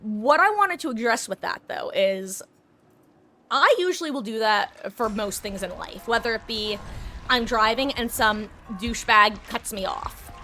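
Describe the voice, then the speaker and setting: A woman's voice: a little high, expressive, measured pace, pushed and bright, a little hiss or hum. A woman chatting casually while she streams a game. She rambles and swears freely. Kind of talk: casual chat while gaming.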